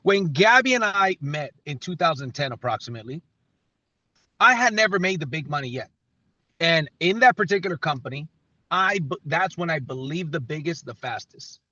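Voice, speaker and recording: High, bright-voiced man giving a pep talk. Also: animated, normal speed, no echo, muffled recording. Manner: emphatic, repeats phrases for effect, stumbles and restarts. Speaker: company leader on a team call. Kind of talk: motivational pep talk on a live call.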